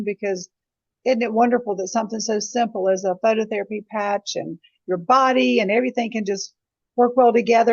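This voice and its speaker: A woman's voice: medium pitch, no echo. Effusive woman hosting, dull dry call audio. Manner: effusive, warm praise, slow drawn-out phrasing. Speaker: host. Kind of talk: online group call hosting.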